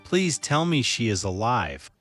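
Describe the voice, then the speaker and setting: Man acting as a desperate remorseful husband, pleading, lively pitch, slow storybook delivery. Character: remorseful young husband after drunk crash. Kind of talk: slow scripted story for learners. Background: faint music.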